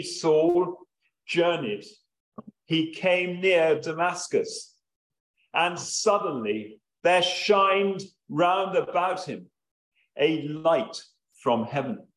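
A man preaching a sermon, reading scripture and then explaining it in a slow, measured way with long pauses and the odd um. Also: on the high side, reverberant, low-quality recording.

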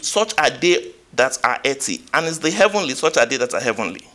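Very animated and at normal speed, a male preacher with a bright, ringing voice sends his pitch leaping up and down. He asks the congregation questions, reads scripture, and shifts between loud emphasis and quiet asides.

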